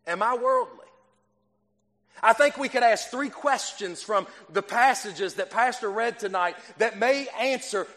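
A man delivers an earnest sermon, circling back over his phrases and restarting sentences as he works through a point. His voice sits high for a man. It rings out with a long reverb from the church hall. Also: a bit bright. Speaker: preacher.

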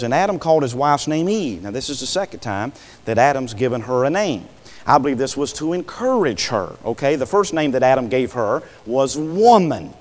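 Folksy preacher with a long hall echo. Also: male voice, medium pitch. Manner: folksy, punctuated with "Amen" and rhetorical questions to the congregation. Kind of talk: sermon.

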